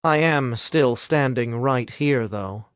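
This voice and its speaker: A man's voice: medium pitch, takes it slowly, clean tone, no room sound, clean studio sound, natural voice. A man playing a cool, self-assured young rival. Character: calm, confident young male student opponent.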